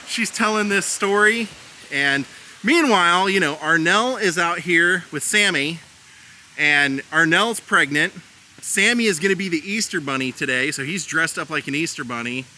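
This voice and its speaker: A chatty man guiding a film location tour outdoors, laughing as he retells scenes. His voice is slightly high and strikingly bright. Faint outdoor ambience with passing vehicles sits behind him. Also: a little slow, a little hiss or hum. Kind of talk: casual vlog narration.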